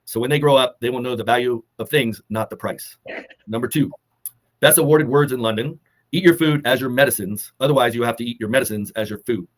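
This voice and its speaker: Earnest man giving motivational talk. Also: medium pitch. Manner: earnest, measured, list-like delivery with pauses. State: holding back emotion. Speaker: co-host of a fitness summit talk.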